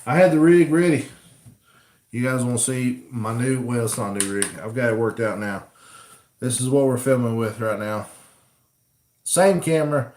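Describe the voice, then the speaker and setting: A man's voice: mid-range voice, normal speed, pauses often, a little mellow. A man hosting a casual live-stream Q&A, chatting easily and reading viewer comments aloud. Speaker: coon hunting channel host. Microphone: camera rig mic.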